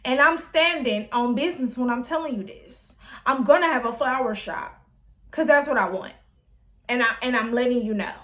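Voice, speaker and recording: A woman's voice: mid-range voice, normal speed, long pauses, a bit bright, natural voice. A woman voicing a defiant young woman who insists on living her own way, speaking emphatically and insistently.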